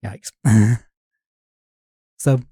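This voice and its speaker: A man's voice: on the low side, fairly even intonation, drawn-out words, warm tone, a little hiss or hum. A man from the north of England, co-hosting a casual history podcast with dry, wry humour. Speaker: podcast co-host.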